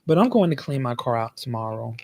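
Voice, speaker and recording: A man hosting his own show tells a personal story in a loose, chatty way. He is animated and circles back over the same phrases as he goes. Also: medium pitch, a little fast, background noise. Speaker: host. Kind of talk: casual storytelling.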